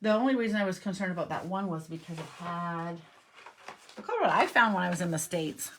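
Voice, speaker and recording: A woman with a somewhat low voice chats through a cardmaking demonstration, musing aloud and correcting herself as she goes. She sounds middle-aged and relaxed in her craft room. A faint background noise sits under her voice. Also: fairly quick. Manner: chatty, thinks aloud, self-correcting. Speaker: cardmaking instructor. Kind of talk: casual demonstration lesson.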